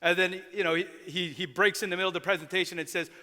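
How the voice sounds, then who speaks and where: A man preaching as a pastor, telling a story in an animated, conversational way and acting out the voices he quotes. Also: high-pitched, quick pace, few pauses, long reverb tail. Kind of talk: sermon storytelling. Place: church sanctuary.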